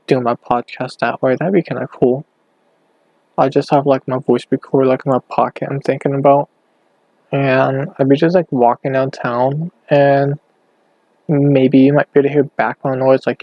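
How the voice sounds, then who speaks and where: Guy rambling on his late night podcast, halting, talks to himself while clicking around, dry close sound. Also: medium pitch, dry recording, lo-fi sound. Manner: rambling and halting, thinking aloud while browsing. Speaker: podcast host. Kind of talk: casual late-night solo podcast talk.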